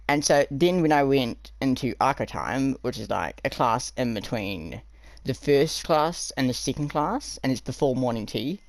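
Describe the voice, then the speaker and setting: Animated young man telling school stories. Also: vocal fry, no room sound, low-quality recording. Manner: animated, jumps high and low for quoted people; rambling, many "like" and "um" fillers. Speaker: storyteller. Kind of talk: casual storytime narration.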